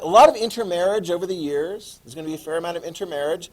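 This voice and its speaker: A man's voice: on the high side, quick pace, low-quality recording. Chatty man teaching a class. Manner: animated, chatty, asks the class questions. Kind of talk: classroom lecture.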